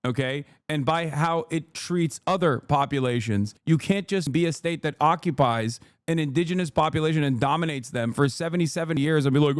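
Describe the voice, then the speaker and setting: A man's voice: on the high side, normal speed, dry recording, studio quality. A man in his thirties, a streamer, giving blunt, sarcastic commentary on a clip with frequent laughs. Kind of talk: casual commentary.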